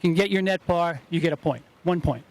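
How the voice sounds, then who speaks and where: A man's voice: fairly high pitch, fairly quick, no room sound. A man with a New Jersey accent, a golf tournament organizer being interviewed outdoors, explaining rules in easygoing casual chat.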